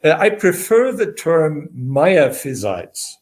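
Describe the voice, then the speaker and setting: Man speaking slowly, with many pauses. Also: fairly high pitch, big pitch swings. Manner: measured, many filler pauses. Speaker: historian guest. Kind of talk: unscripted interview.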